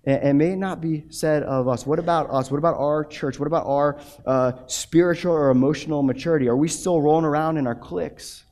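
A young man preaching a sermon, telling a story with animated energy and frequent restarts. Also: fairly high pitch, a little fast, hardly any pauses. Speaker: pastor.

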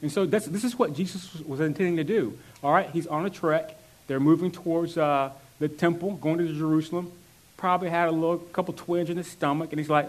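A man's voice: fairly high pitch, moderate pace. A man preaching a sermon as a pastor, conversational, with asides and restarts.

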